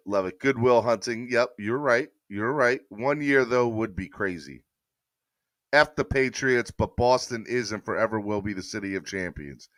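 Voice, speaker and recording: A man chats loosely through sports news on a live podcast stream, stopping often to read viewer comments. His voice is bright and forceful. The sound is dry and close, with no room echo. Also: mid-range voice. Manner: chatty, rambling, reads viewer comments aloud. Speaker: podcast host.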